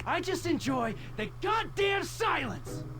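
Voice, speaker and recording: A bitter, shouting boyfriend. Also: male voice, very high-pitched, very animated, takes it slowly, over music, heavily acted. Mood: angry. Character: angry bitter grown man, sarcastic.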